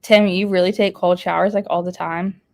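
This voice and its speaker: A woman's voice: fairly low pitch, little pitch movement, moderate pace, gravelly, darkish tone. A woman hosting a casual live stream, chatting and laughing as she reads out viewer comments. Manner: chatty, laughs often while reading comments aloud. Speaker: live streamer reading chat.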